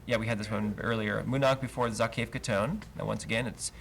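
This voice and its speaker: A man's voice: on the low side, steady tone, fast talker, creaky, a bit bright. A man teaching a verse-by-verse Hebrew lesson, explaining cantillation marks patiently and chanting each trope name aloud. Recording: livestream with faint noise.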